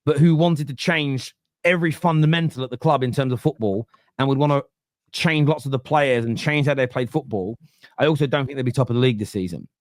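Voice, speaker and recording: A man's voice: mid-range voice, brisk, dry recording, clean studio sound. A man hosting a casual football podcast, arguing his point emphatically and often restarting his sentences. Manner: argumentative, emphatic, frequent repeated restarts. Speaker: host.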